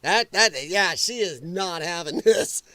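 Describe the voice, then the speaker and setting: A man's voice: high-pitched, unhurried, pushed and bright, dry recording. A man hosting a live political commentary stream, reacting bluntly and profanely to clips and laughing often.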